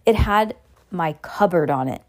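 A woman's voice: fairly low pitch, animated, a little slow, a little mellow. A woman reading aloud and voicing a defiant young boy who insists on getting his letter.

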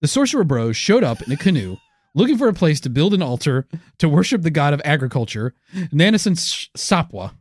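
A man co-hosting a comedy history podcast, wry and teasing as he tells the story. His voice sits a little high and moves around a lot. The recording is close and dry. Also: very animated, fairly quick, dry recording. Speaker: podcast co-host.

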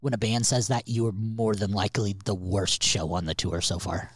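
Low husky man telling rambling stories. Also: moderate pace, no room sound, studio quality. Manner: rambling anecdotal storyteller, swears casually. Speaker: podcast co-host. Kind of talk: casual storytelling chat.

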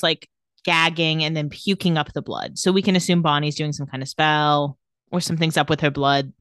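A woman's voice: low voice, fairly bright tone, smooth, no room sound, studio quality. A woman co-hosting a casual podcast, recapping a TV episode in an offhand, joking way. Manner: recaps scenes in a quick, offhand voice with laughs. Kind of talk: casual chat.

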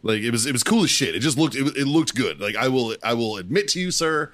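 A man's voice: medium pitch, animated, fast talker, a bit bright. A man hosting a podcast, telling a story in casual, profane chat and acting out the exchanges he quotes. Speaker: podcast host.

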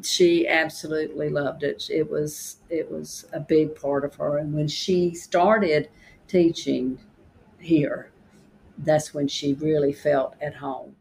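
An older woman recalls family memories in a fond, halting way, often restarting her sentences. Her voice has a gravelly, creaky edge, and faint noise hums behind it. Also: sits low, steady tone, darkish tone, rough recording. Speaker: interviewee, daughter of the subject. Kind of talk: reminiscing interview.

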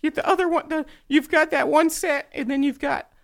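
A woman's voice: high-pitched, steady tone, a little fast, gravelly. A woman voicing a flippant female demi-demon podcast host who teases her guest. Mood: teasing. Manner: flippant, teasing, stammering asides.

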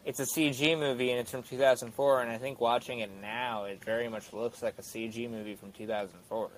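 A man's voice: mid-range voice, flat delivery, a little fast, slight background noise, poor audio. A man in his twenties, a guest actor, chatting casually on a podcast, rambling with many fillers and restarts.

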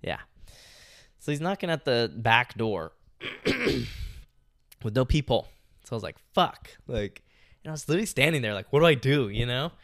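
A young man with a middle-pitched voice tells a long story on a podcast. He rambles loosely and swears often, leaning on "like" and "you know". The sound is dry and close on the mic. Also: expressive, normal speed, pauses often, a bit bright, no echo. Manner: rambling, profane, heavy use of "like" and "you know". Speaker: podcast co-host. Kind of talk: casual storytelling chat.

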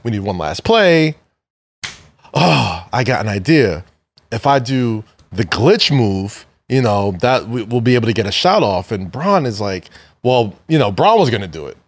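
A man's voice: mid-range voice, very animated, moderate pace, no room sound. A man in casual chat, animatedly retelling a movie plot, acting out the lines and laughing often.

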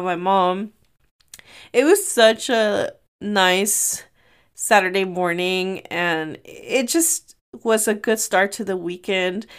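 A young adult woman hosts a casual solo podcast from her room, telling stories in a chatty way and laughing often. Her voice is mid-range with a clean tone.

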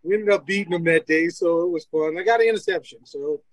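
With a fairly high voice and a quick pace, a man from Louisiana who played college football recounts stories as an interview guest. Animated and laughing often, he acts out people's words; the low-quality recording has no echo.

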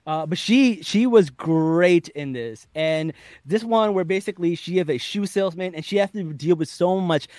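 Male podcast host, upper-middle pitch, dry close sound, lively storyteller. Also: normal speed, dry recording. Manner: animated storytelling, laughing often, acting out quotes. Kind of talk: casual chat, recapping a TV episode.

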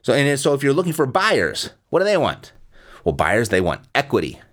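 A man's voice: mid-range voice, huge pitch swings, normal speed, a bit bright. A man coaching listeners on real estate investing in a blunt, emphatic way, repeating points for stress. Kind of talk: instructional talk.

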